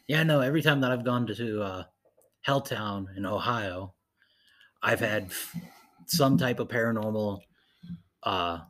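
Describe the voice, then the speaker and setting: Laid-back, low-voiced young man telling stories. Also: unhurried, pauses often, fairly bright tone. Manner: laid-back storyteller, swears freely. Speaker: podcast co-host. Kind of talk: casual chat, telling stories.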